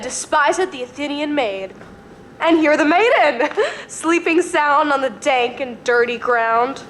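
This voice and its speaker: A woman's voice: sits high, a bit bright. A young woman playing a mischievous fairy sprite in a school stage play, giggling through rhymed verse. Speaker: student actor.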